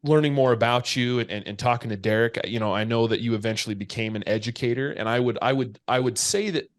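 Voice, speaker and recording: A man's voice: mid-range voice, quick pace. A man hosting a podcast, reacting to his guest in a casual, rambling, enthusiastic way. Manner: enthusiastic, rambling with repeated words. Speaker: podcast host. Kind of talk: casual interview chat.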